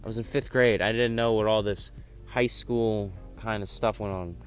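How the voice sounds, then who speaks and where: A man's voice: fairly low pitch, steady tone, moderate pace, soft background music. A teenage guy telling a school story casually, rambling with lots of fillers. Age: teens. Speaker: vlogger. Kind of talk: storytime vlog.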